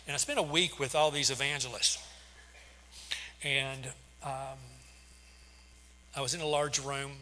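Man in his sixties, bright forceful preacher's voice, long reverb, faint hum behind. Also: medium pitch. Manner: storytelling with frequent restarts and fillers. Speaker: pastor. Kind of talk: sermon.

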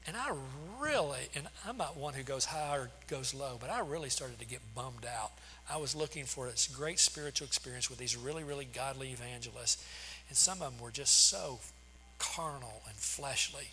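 This pastor, a man in his sixties, tells stories through his sermon at a moderate pace, with a sharp mid-range voice that keeps restarting and filling pauses. Long hall reverb and a faint hum color the sound.

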